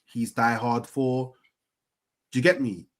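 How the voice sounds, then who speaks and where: A man's voice: medium pitch, steady tone, takes it slowly. A man in casual chat, rambling and full of fillers and slang.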